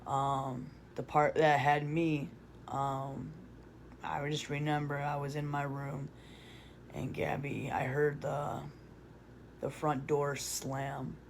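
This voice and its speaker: Flat-voiced woman telling a rambling confession. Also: deep voice, slow pace, a little hiss or hum. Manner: rambling with many restarts and fillers; blunt, swears casually. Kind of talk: confessional storytelling.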